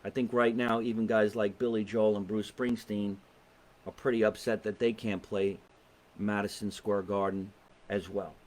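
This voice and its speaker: A man's voice: lowish voice, flat delivery, moderate pace, a little mellow. A man with a New Jersey accent hosting a live online comedy talk show from his basement, brash and joking with viewers, swearing freely. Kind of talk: casual live-stream chat. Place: home basement.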